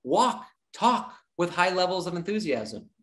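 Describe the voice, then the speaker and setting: A man giving an energetic sales training talk, repeating his key points like a coach and acting out little dialogues with clients. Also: sits high, measured pace. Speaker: real estate sales trainer.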